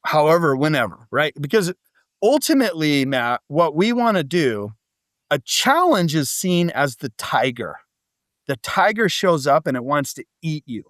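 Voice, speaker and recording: Animated man talking on a podcast. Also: on the high side, normal speed, dry recording, clean studio sound. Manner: animated storytelling, frequent "like" and "right?". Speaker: podcast guest, business coach. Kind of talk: casual interview talk.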